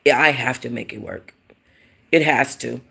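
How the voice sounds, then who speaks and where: A woman's voice: very deep voice, fairly even intonation, moderate pace, creaky, sharp tone, husky. A woman hosting a casual livestream, talking bluntly to her chat, rambling and swearing freely. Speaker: livestream host.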